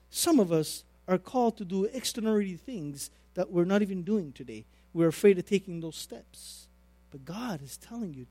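A middle-aged man with a voice that sits high preaches a sermon built around a personal story, repeating phrases and swinging widely between loud and quiet. There's no room sound.

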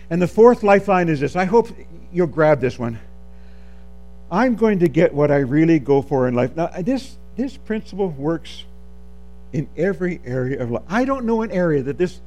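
Guy preaching, asks amen a lot, goes quiet then loud, high voice. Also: normal speed. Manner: animated, calls for amens, swings from soft to shouting. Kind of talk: sermon.

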